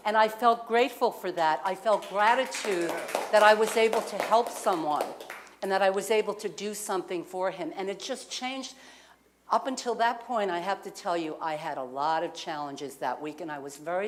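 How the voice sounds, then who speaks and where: A woman's voice: mid-range voice, normal speed. A woman minister gives a sermon, telling a personal story in a conversational way and asking the congregation questions. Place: community center lounge.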